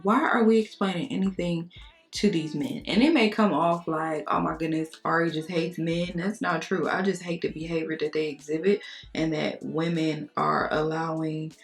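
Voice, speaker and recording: A young adult woman chatting frankly to her viewers, telling animated stories and cussing casually. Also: low voice, normal speed. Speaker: beauty vlogger. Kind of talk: casual chat to camera.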